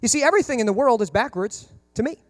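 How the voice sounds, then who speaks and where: A man preaching a lively, chatty sermon at a brisk clip, his voice sitting fairly high for a man. He slips into the voices of the people he quotes and throws in dry jokes as he goes. The sound is close and dry, with little room to it. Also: no room sound. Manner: animated, conversational, acts out quoted voices; humorous asides. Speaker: pastor.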